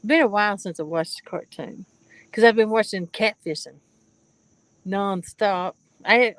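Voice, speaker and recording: An easygoing woman talks from a pontoon boat in the open air, and she speaks at a slow, unhurried pace. Her tone stays relaxed and casual as she greets her viewers by name. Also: fairly high pitch, no echo, rough recording. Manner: laid-back, chats with viewers by name. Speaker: fishing live-streamer. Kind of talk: casual live-stream chat.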